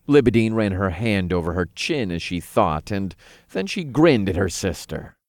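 Lively, deep-voiced male narrator. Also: normal speed, no echo, studio quality. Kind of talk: audiobook narration.

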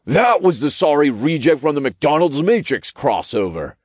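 A man's voice: fairly high pitch, sing-song, normal speed, no room sound, clean studio sound, voice pushed up. A man voicing a cocky, brash male sidekick who talks in a boastful, snickering way.

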